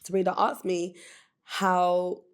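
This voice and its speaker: A woman speaks as a guest on a podcast and tells her story candidly and earnestly. Her voice sits fairly low, and she uses fillers and restarts. She talks in a casual way. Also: completely flat delivery, slow, smooth. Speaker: guest, business founder. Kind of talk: casual interview chat.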